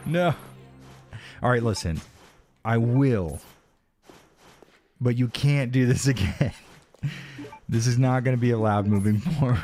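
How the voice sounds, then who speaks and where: An adult man streams a game live, frustrated and swearing as he talks to chat and thanks donors, his voice starting to go hoarse. It is medium-pitched, animated and darkish, with drawn-out words and frequent pauses over faint background music.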